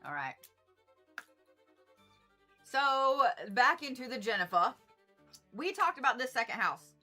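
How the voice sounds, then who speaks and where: Middle-aged woman, livestream astrologer; bright, rambling, swears freely, soft music behind. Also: high voice, very animated, slow pace. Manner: chatty, rambling, profane, laughing asides. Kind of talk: casual livestream chat.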